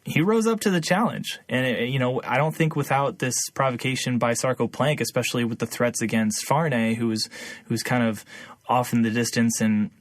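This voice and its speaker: Young man, podcast co-host, casual chatty talk, frequent likes and ums, mid pitch, dry close sound. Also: brisk, no echo. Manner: chatty, lots of fillers, laughs often. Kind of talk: casual chat.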